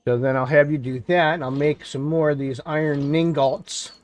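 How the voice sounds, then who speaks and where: A man's voice: a little high, fairly even intonation, normal speed. A man from New York State chatting casually on a live game stream, rambling and thinking aloud as he plays. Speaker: gaming streamer. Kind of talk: casual live-stream chat while playing.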